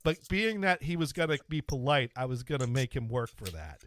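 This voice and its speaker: A man's voice: medium pitch, animated, fairly quick, fairly bright tone, a little hiss or hum. A man hosting a podcast, casually telling a long self-deprecating anecdote with frequent stops and restarts. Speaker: podcast host. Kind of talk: casual storytelling.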